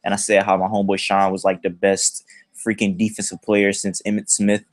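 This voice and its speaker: A young man chatting on a livestream, rambling through a slangy high school story. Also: monotone, a little fast, no echo. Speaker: livestream host.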